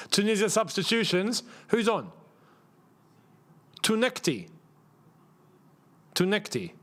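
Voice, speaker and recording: A young man chats through a live match as host, his voice sitting high and swinging widely in pitch. He banters in slang and breaks into laughter often. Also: big pitch swings, extremely slow, long pauses, a bit bright. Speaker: football watchalong host. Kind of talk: casual live match commentary and chat.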